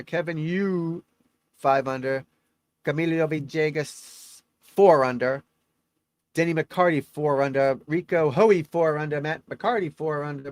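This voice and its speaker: A man's voice: on the high side, no echo. Rambling man chatting on a dry live stream. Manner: rambling, talkative, reads off scores. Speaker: golf instructor streaming live. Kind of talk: live-stream commentary and chat with viewers.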